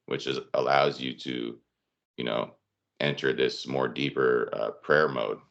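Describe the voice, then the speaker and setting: A man's voice: a bass voice, fairly even intonation, a little slow, gravelly, fairly bright tone, lo-fi sound. A man telling personal stories in a casual podcast chat, rambling with many fillers.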